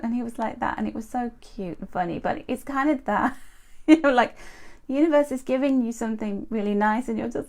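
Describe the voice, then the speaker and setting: A middle-aged woman hosts a chatty live angel card reading, greeting viewers by name and tossing in animated asides. Her voice is on the high side and her pace moderate.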